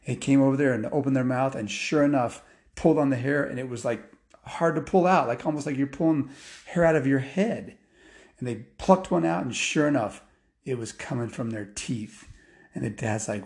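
A man spins a loose, improvised bedtime story, full of asides and filler words. His voice is mellow and darkish, and his pitch sits mid-range. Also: normal speed.

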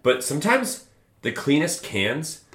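A man co-hosting a casual beer-tasting podcast, bantering in a relaxed, joking way. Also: a little high, unhurried. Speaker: podcast co-host. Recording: echoey room.

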